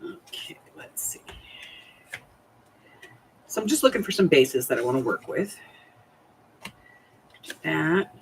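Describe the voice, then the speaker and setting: A woman's voice: deep voice, big pitch swings, slow pace, gravelly, pauses often, a little hiss or hum. A woman in her fifties hosting a crafting live stream, chatting in a confiding way and greeting viewers by name. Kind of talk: casual chat while crafting. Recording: voice a bit far from the mic.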